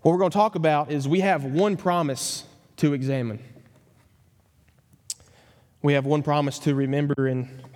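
Man, pastor, sermon, slightly higher voice, emphatic, long church reverb. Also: fairly even intonation, a little mellow. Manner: earnest, emphatic, slows down on key phrases. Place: church sanctuary.

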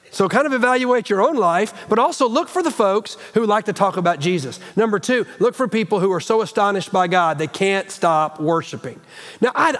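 A middle-aged man delivers a folksy, animated sermon in a church sanctuary, stumbling and restarting as he builds energy. His voice sits high for a man. The sound carries a long reverb from the hall. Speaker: guest preacher.

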